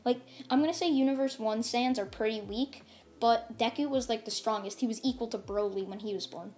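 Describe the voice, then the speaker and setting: A woman's voice: on the high side, brisk, darkish tone, slight background noise. A woman casually narrating a fan story off the cuff, rambling and filling her talk with "like" and "and stuff". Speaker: channel host. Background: faint music.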